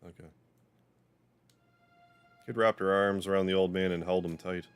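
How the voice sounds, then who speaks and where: A male streamer reads a story game aloud in a steady, unhurried way and slips in casual remarks between passages. His voice sits low, and soft game music plays faintly underneath. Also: smooth. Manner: steady reading with casual asides. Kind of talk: reading a visual novel aloud on a livestream.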